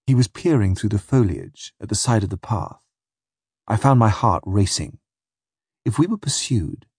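A man reading a first-person adventure story aloud with vivid, dramatic storytelling in a husky voice. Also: lowish voice, darkish tone, no echo, studio quality. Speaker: narrator.

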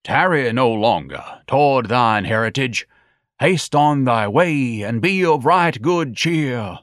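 A man voicing a pompous, bulky young man who sings archaic verse theatrically and shouts in outrage. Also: mid-range voice, lively intonation, takes it slowly, no room sound, clean studio sound, pitched above the performer's own voice. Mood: grandiose singing.

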